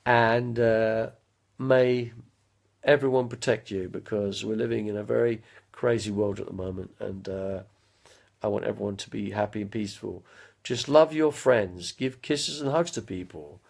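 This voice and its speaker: A man's voice: fairly low pitch, moderate pace, gravelly, a little mellow. A man, chatting live from home to his viewers, drifting from one anecdote to the next. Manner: chatty, drifting between anecdotes, bursts into impressions and song. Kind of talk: rambling live-stream chat.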